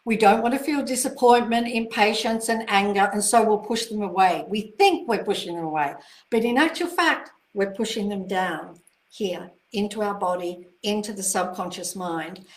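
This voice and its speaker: Speaking at normal speed in a medium-pitched voice, a woman author chats casually in a live online Q&A, offering reassurance and gushing over viewer greetings. The recording is rough, with a roomy sound.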